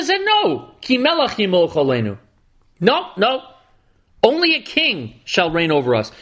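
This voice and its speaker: A man's voice: sits high, fairly bright tone. A middle-aged man teaching a verse-by-verse scripture lesson, reading passages dramatically and adding wry asides. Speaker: Torah teacher.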